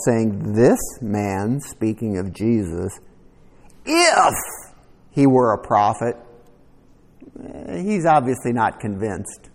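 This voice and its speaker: A man preaching a conversational sermon, teaching verse by verse with animated asides. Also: mid-range voice, long reverb tail. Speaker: pastor.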